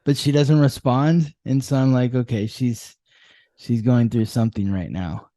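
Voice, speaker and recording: A man's voice: mid-range voice, fairly even intonation, normal speed, mellow, no room sound. A man hosting a podcast, teasing and curious, asking his co-host lots of questions. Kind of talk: casual podcast chat.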